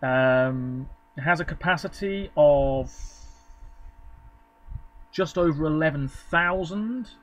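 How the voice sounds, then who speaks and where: A man's voice: on the high side, slow, pauses often, low-quality recording. Man casually reading online articles. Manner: rambling, offhand, self-correcting. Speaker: vlogger. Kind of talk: casual commentary reading from web pages.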